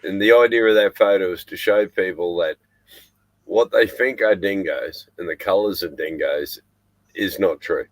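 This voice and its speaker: A man's voice: low-pitched, moderate pace, dry recording, poor audio. An Australian man in his sixties hosting a casual chat, blunt, swearing freely and laughing often. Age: 60s. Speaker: podcast host.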